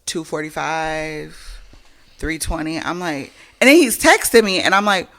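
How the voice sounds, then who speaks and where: A brassy woman with a bright, forceful voice tells a story in casual podcast chat. She swears freely and performs every line of dialogue, hers and the other person's. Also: low voice, expressive, unhurried. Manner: blunt, profane, reenacts both sides of conversations. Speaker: podcast co-host.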